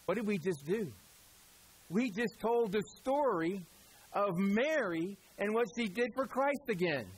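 Speaking straight to his congregation, a pastor with a high, husky voice gives an easygoing, conversational sermon sprinkled with fast asides. He plays little characters whenever he quotes someone, and the recording sounds rough.

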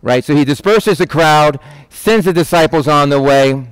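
A middle-aged pastor preaching with a conversational, animated delivery. His voice sits a touch higher than most men's. The recording is dry and close, with almost no room sound. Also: moderate pace, clear, resonant tone, no room sound. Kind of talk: sermon.

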